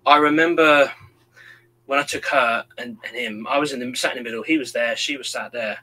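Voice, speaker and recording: A man's voice: mid-range voice, fairly quick, low-quality recording. A man in his thirties, chatting casually and acting out quotes as he tells stories. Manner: animated storyteller, acts out quotes. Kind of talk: casual chat.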